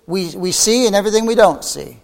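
A man preaching a fervent sermon, reading scripture aloud, his voice climbing high and then falling to near-whispers. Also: lively intonation, fairly quick, gravelly, big-room sound. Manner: fervent preaching, soaring then dropping to a hush.

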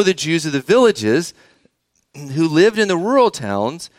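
A man's voice: on the high side, no room sound, studio quality. A man preaching a sermon, reading scripture aloud and asking the children in the congregation questions. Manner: engaging, asks the children questions. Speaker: pastor.

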